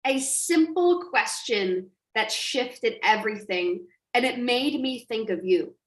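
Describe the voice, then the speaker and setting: A woman coach telling an animated story on a live stream, acting out quotes and laughing often. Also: on the high side, slow, echoey room. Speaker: online business coach.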